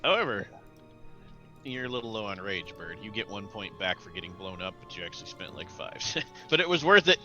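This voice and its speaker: A man's voice: fairly low pitch, sing-song, fairly quick, bright, forceful tone, muffled recording, soft background music. A man narrating as game master of a tabletop role-playing game, telling the scene vividly and laughing along.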